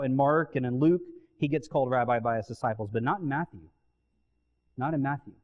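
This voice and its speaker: A man preaching a sermon in a church. He talks in an animated way and acts out the quotes with sudden loud bursts. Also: medium pitch. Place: church sanctuary. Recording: long church hall reverb.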